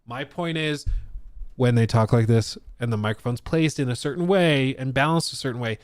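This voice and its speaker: A man's voice: medium pitch, normal speed, smooth, no room sound, studio quality. A man chatting casually on a live stream, reacting to gaming news, rambling, laughing and reading chat comments aloud.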